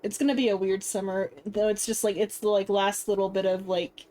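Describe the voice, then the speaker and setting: A woman's voice: mid-range voice, level tone, a little fast, dark tone. Rambling woman streamer chatting casually. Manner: rambling, heavy use of filler "like", chatty. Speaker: game streamer. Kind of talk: casual live-stream chat.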